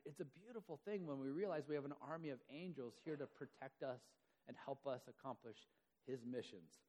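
A man's voice: a little high, sing-song, a little fast, darkish tone. A man preaching a sermon in a conversational way, acting out the quoted voices as he goes. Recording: long hall reverb.

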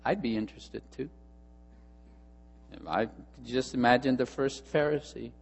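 A male pastor preaches at a slow, deliberate pace, dropping to hushed asides and then pressing his points through repetition. His voice rings with the long reverb of a church hall. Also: medium pitch, gravelly, husky. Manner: storytelling, swinging between hushed asides and emphatic repetition. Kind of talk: sermon.

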